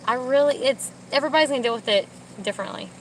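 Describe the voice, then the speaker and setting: A young woman chatting casually from a parked car, rambling, talking in a high baby voice to her dogs between asides. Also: very fast, a little hiss or hum, rough recording. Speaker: vlogger with service dogs. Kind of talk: casual chat.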